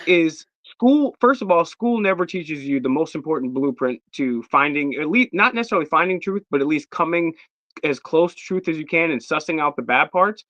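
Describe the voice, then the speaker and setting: A man co-hosting a coaching podcast, talking in an animated, emphatic way as he builds his argument. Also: a little high, normal speed, no echo, dull audio. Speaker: podcast co-host. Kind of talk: casual coaching chat.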